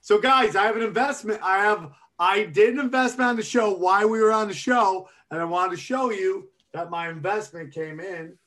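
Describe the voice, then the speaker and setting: A man's voice: high-pitched, normal speed, few pauses, a bit bright. A man co-hosting a comedy podcast, chatting in a loose, joking, profane way and calling people dude and man. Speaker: podcast co-host. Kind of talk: casual comedic chat.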